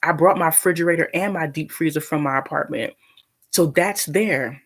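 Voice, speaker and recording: A woman's voice: low voice, normal speed, breathy edge. A woman telling a long, indignant story to her live-stream viewers at home, rambling with many restarts and eating as she talks. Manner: eating while talking. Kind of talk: casual storytelling.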